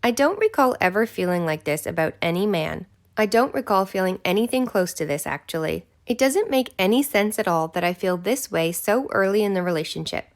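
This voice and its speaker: A woman's voice: medium pitch, expressive, brisk, few pauses. A woman narrating a romance audiobook in the first person, with a breathless, intimate delivery.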